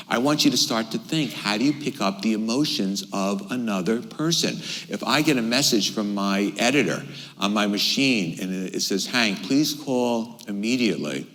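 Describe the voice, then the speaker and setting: A middle-aged man giving a workshop lecture, animated, firing off rhetorical questions and personal anecdotes. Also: on the low side. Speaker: workshop presenter. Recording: reverberant hall.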